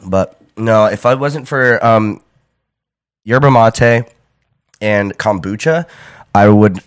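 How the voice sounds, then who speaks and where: A young man with an American accent talks in a loose, rambling way, full of ums and restarts. His voice sits low and smooth, recorded close and dry with no room around it. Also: slow, no room sound. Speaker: podcast host. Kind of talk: casual rambling monologue.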